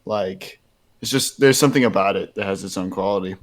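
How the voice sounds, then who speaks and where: A young man with an Oklahoma accent chats easily as a podcast co-host. His voice sits somewhat low and he stays relaxed. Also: brisk. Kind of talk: casual chat.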